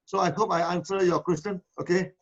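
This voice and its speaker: High gravelly malaysian guy, keeps saying uh and no, kinda dull lo-fi sound. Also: steady tone, quick pace. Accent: Malaysian English. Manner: rambling, repeats words, many uh and no? tags. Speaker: company founder answering questions. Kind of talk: live online Q&A.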